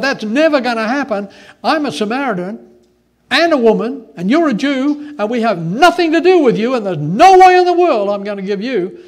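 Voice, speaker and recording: A sharply indignant woman at a well, put on by a preacher, her voice climbing high and pushing loud as she protests. She sounds incredulous and refuses flatly. It is a sermon retelling rather than a stage play. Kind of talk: sermon storytelling.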